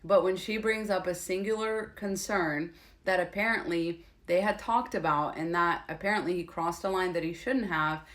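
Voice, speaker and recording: A woman's voice: fairly low pitch, normal speed, a bit bright. A woman giving casual, opinionated commentary, blunt and sarcastic and swearing freely.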